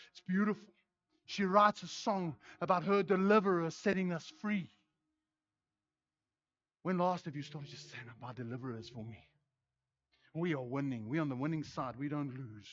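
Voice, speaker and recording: Pastor, male, NZ accent, middle-aged, high voice, passionate preaching, dry muffled sound. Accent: New Zealand. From New Zealand. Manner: fiery, swings from shouting to quiet tenderness. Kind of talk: sermon.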